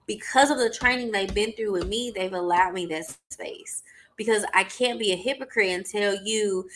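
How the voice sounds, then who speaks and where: Emphatic woman with bright, forceful voice. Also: mid-range voice, normal speed, slight background noise. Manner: emphatic, repetitive, conversational with frequent "okay?" and "y'all". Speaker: podcast host and mental health business owner. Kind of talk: casual solo podcast talk.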